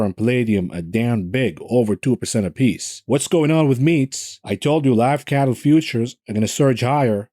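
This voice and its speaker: Sardonic man with a mellow voice. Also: mid-range voice, no echo, studio quality. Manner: sardonic, mocking asides and jokes. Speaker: market commentator. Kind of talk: solo market recap commentary.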